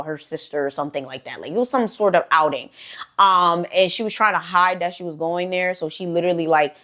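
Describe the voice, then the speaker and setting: A woman hosting a storytime channel, telling a story casually with lots of slang, "like" fillers and swearing. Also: fairly low pitch.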